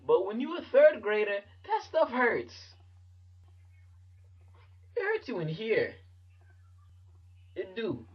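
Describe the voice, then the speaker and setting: Brief: slangy male vlogger, comic storyteller, slightly high voice, lo-fi webcam audio. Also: slow pace, long pauses, breathy edge. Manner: animated, slangy, jumps into voices.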